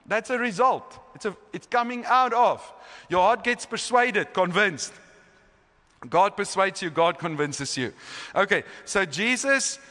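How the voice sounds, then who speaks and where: Bright-voiced man preaching in a hall. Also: high-pitched. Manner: earnest, emphatic preaching with restarts and laughter. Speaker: healing school teacher. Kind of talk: sermon teaching. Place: church sanctuary. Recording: church hall reverb.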